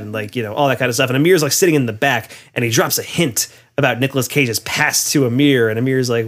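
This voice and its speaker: A man chatting casually about a movie, walking through its plot scene by scene. He talks loosely, leaning on fillers and frequent laughs. His voice sits at an ordinary pitch. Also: fast, few pauses, fairly bright tone. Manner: rambling, filler-heavy, laughs often. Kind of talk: casual chat retelling a film plot.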